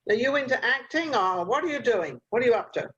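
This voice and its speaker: A woman's voice: on the high side, lively intonation, fast talker, fairly bright tone, breathy edge, highs cut off. Chatty older woman host on a video call. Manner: motherly advice-giving, rambling with fillers. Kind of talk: video call talk show chat.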